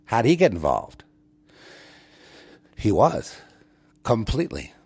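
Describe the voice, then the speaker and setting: A man's voice: on the low side, huge pitch swings, takes it slowly, darkish tone, breathy edge. A man hosting his own show, talking straight to his listeners in a rambling, preachy monologue full of restarts and repeated words. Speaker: show host.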